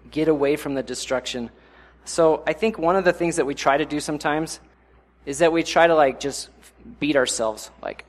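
A young man preaches in a relaxed, conversational way, his voice pitched a bit higher than most men's. He often breaks into short, louder acted-out voices before settling back into an easy, talky delivery. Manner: conversational, acts out inner voices with sudden louder bursts. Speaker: pastor. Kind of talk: sermon.

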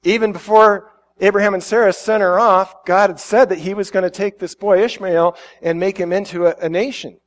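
A middle-aged man with a fairly high voice, preaching a sermon. He reads a passage and then reflects on it in an easy, conversational manner, often restarting phrases and acting out little quotes. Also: fairly even intonation, moderate pace, few pauses. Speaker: pastor.

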